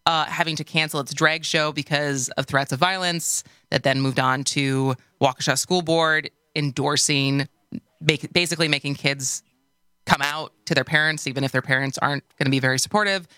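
A woman's voice: sits low, fairly even intonation, normal speed, pushed and bright, smooth, no room sound, studio quality. A woman hosting a radio talk show, sarcastic and loose, rambling as she searches for words.

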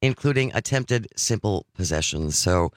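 A man's voice: fairly low pitch, animated, moderate pace, dry recording. A man hosting a radio talk show, reading news items and then chatting about them with his co-host.

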